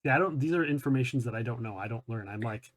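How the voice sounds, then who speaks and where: A man with a mid-range voice hosts a relaxed podcast chat. He laughs often and trips over his words as he reacts to his guest. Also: medium pitch, fast talker. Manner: easygoing, laughs a lot, stumbles over words. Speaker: podcast host. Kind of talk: casual podcast interview.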